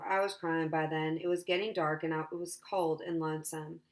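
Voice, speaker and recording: A woman teacher reading a novel aloud to her class. Her reading is steady and plain, and her voice sits a little low. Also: normal speed.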